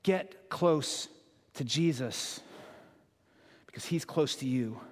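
Earnest pastor preaching in a reverberant hall. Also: male voice, medium pitch, takes it slowly. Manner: earnest, conversational preaching with rhetorical questions. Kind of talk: sermon. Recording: long church hall reverb.

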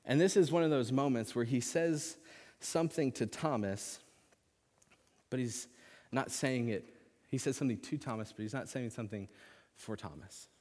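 A man's voice: mid-range voice, normal speed, pauses often, darkish tone. A man preaching a sermon as a pastor, earnest and conversational, with casual fillers. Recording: long reverb of a large hall.

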